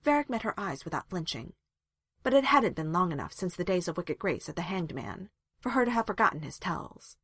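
Breathy woman reading a love story. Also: lowish voice, sing-song, brisk, a bit bright, no echo, studio quality. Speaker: fan fiction reader. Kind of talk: reading a romance story aloud.

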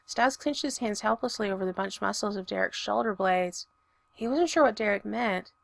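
A woman narrates fiction in a steady, even reading voice. Her tone carries some vocal fry, and the recording is dry and close. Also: mid-range voice, a little fast, no room sound.

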